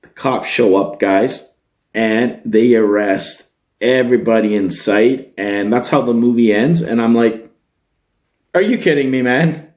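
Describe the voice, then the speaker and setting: Excitable swearing man recapping movies. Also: on the low side, unhurried. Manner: excitable, swears freely, talks straight to viewers. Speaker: podcast host. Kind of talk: casual spoiler-filled movie recap. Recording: roomy echo.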